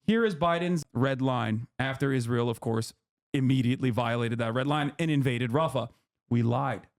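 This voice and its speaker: A male streamer explaining politics in a heated, animated, profane way. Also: mid-range voice, normal speed.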